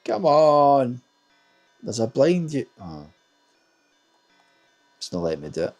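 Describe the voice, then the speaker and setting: A man's voice: medium pitch, very animated, slow pace, a little mellow, soft background music. A man commentating his own game live stream, self-mocking and muttering to himself.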